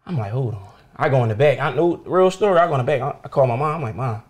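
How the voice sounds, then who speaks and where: A young man, a comedian, telling stories in casual chat, animated and swearing freely while acting out the people in them. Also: mid-range voice, racing. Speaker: comedian guest. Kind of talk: casual storytelling.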